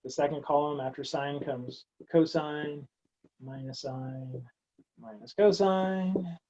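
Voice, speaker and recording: Husky man giving a casual math lecture. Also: a little high, steady tone, slow pace, mellow, dull audio. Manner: casual, wry, talks through steps aloud. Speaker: math instructor.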